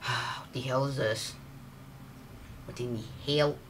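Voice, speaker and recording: A man's voice: medium pitch, steady tone, slow, a bit bright. Young male gamer commentary, cursing and frustrated, noisy mic. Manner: swearing, frustrated outbursts at the game. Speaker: gaming YouTuber. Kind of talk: casual gameplay commentary.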